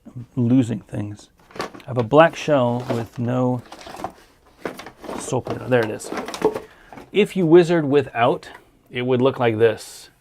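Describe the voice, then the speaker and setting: A man's voice: medium pitch, slow, long pauses, background noise. A man hosting a casual livestream, answering viewer questions in an easygoing, hesitant way, tired and losing his voice. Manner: easygoing, hesitant with many ums.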